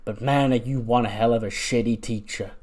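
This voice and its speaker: Man doing a fiery young woman wrestler, pitched a little higher, still his own voice. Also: fairly even intonation, moderate pace, darkish tone, natural voice. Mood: defiant. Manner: defiant, heated. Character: defiant young female wrestler.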